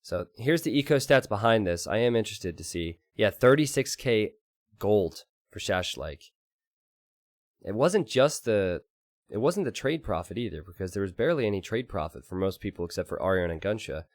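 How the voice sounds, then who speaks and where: A man casting a strategy game live and chatting with his stream audience, excitable and quick to laugh. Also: lowish voice, no room sound, clean studio sound. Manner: excitable, laughs often, talks to chat.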